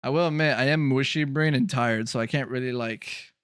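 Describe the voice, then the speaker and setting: A man's voice: medium pitch, a little fast, fairly bright tone, clean tone, no echo, clean studio sound. A man chatting casually on a live game stream, teasing viewers, laughing often and swearing freely.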